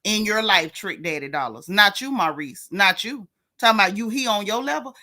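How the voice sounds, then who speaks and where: A woman's voice: medium pitch, animated, normal speed, bright, forceful tone. A woman hosting a casual gossip livestream, talking in a sassy drawl and greeting her viewers.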